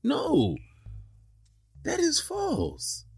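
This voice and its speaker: A man voicing an honest, outraged man in a folktale, protesting in a high indignant voice. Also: wildly swooping pitch, unhurried, heavily acted. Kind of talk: storytelling podcast.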